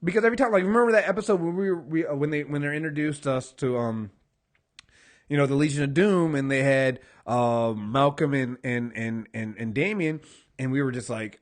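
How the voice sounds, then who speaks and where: A man's voice: medium pitch, a little fast. A man co-hosting a casual TV recap podcast, swearing freely and acting out characters' lines as he talks. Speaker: podcast co-host.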